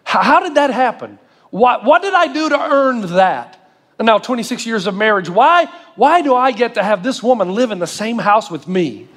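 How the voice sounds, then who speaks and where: A middle-aged male pastor delivering a sermon with animated storytelling and self-mocking humor. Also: high voice, long reverb tail.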